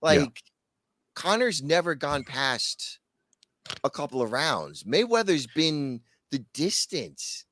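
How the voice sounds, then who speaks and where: A man co-hosting a podcast in casual chat, telling stories and acting out quotes in a loud voice. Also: on the high side, takes it slowly. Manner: animated storyteller, acts out quotes in loud voices. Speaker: podcast co-host.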